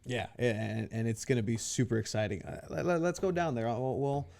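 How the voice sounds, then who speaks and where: A man's voice: mid-range voice, a little fast, creaky, a little mellow. A man hosting a podcast interview, chatting casually and rambling, often repeating words as he stumbles over his sentences. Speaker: podcast host.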